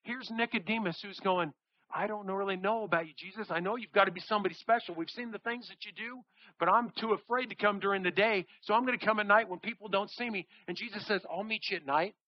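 A man preaching a sermon, reading scripture and acting out the people in the story with animated delivery. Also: high-pitched, quick pace, dull audio. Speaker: pastor.

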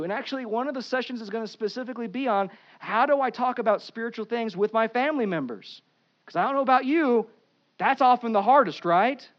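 Animated man preaching, dull lo-fi recording. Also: very high-pitched. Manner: animated preaching with sudden loud and quiet swings. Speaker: pastor. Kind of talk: sermon.

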